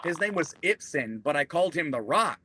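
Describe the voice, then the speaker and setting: A man's voice: fairly high pitch, lively intonation, a little fast, background noise. A man, a veteran guest, telling profane, joking stories in a casual chat.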